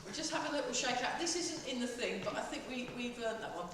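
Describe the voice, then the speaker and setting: A woman's voice: a little high, lively intonation, quick pace. Woman, tai chi teacher, playful, distant, very echoey room. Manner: playful, joking, cueing breaths. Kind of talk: teaching a class, guiding breathing. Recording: echoey room, voice far from mic.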